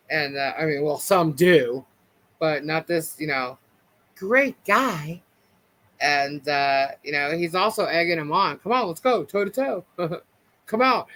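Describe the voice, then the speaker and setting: A man hosts a casual live stream and talks to viewers in a rambling, filler-heavy way. His voice sits a little high and sounds bright. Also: rough recording. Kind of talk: casual live chat commentary.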